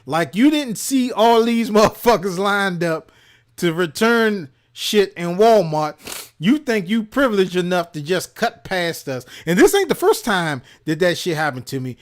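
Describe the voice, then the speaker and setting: A man from Maryland, co-hosting a gaming show, telling a profane story in casual chat and shouting out the lines he quotes. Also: high voice, sing-song, a little slow. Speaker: podcast co-host.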